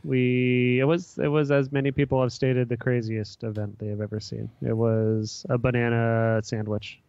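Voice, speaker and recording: A man's voice: mid-range voice, little pitch movement, normal speed, darkish tone, smooth, dry recording, dull audio. A man hosting a casual podcast, talking in a laid-back, rambling, slangy way. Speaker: podcast host.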